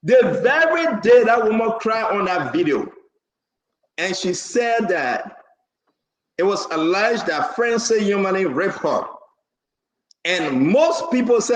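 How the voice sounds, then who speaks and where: A man's voice: high voice, very animated, a little slow, echoey room, poor audio. A man, hosting a live talk show and hammering his points with repeated phrases. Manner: emphatic, repeats phrases, laughs between points.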